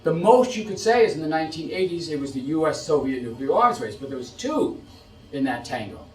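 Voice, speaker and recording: Man from the United States, middle-aged, lecturing, animated rhetorical questions, slightly higher voice, echoey room. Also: fairly quick, far from the mic. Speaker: policy expert giving a talk. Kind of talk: lecture to an audience.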